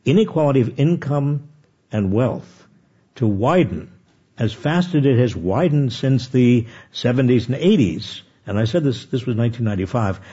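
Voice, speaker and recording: Older man, lively husky storyteller. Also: medium pitch, highs cut off. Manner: animated, self-deprecating anecdotes with frequent restarts. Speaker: guest author. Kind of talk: conversational storytelling.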